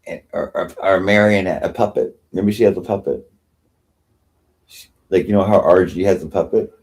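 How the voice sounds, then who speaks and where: A man's voice: sits low, normal speed, a little mellow. A man hosting a livestream, ranting sarcastically and with self-pity, often mocking others. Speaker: livestream host. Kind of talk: rambling livestream rant.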